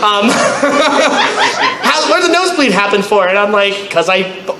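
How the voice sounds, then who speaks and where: At a measured pace, a bright, high-voiced man on a convention panel tells funny stories to a live crowd. He voices out characters with loud, high-pitched outbursts, recorded in an echoey room with faint background noise.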